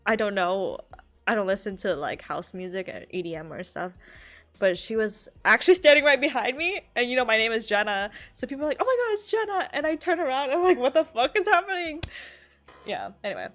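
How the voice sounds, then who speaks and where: A woman's voice: mid-range voice, animated, a little fast, a bit bright. Rambling young woman streamer, laughing often. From California. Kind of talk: casual live-stream chat.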